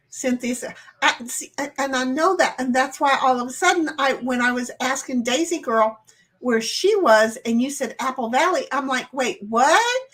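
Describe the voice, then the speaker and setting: A woman's voice: sits high, a bit bright. A woman hosting a livestream alone, chatting casually with her viewers, reading out their comments and rambling in a playful, self-deprecating, confused way.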